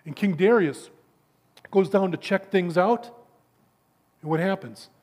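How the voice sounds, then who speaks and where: A man preaching a sermon to a gathering of men, telling stories with stammered repeats and dropping to a hushed low for emphasis. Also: unhurried.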